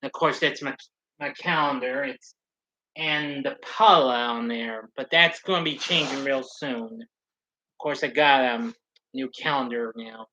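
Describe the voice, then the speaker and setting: A man chatting casually on a live stream, rambling along with halting restarts and fillers. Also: mid-range voice, bright, forceful tone, low-quality recording.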